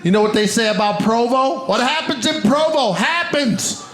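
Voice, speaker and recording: A man's voice: very high-pitched, moderate pace. A man in his forties performing a stand-up set in a comedy club, with punchy banter and riffs aimed at the crowd. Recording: roomy live club with loud crowd noise.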